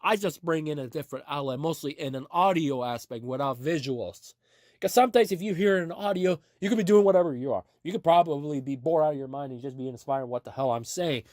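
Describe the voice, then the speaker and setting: A man's voice: a little high, a little fast, darkish tone, dry recording, clean studio sound. A man hosting his own audio podcast, talking in an earnest, rambling and motivational way, often repeating himself and restarting his sentences. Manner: earnest, repetitive, with frequent restarts. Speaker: podcast host.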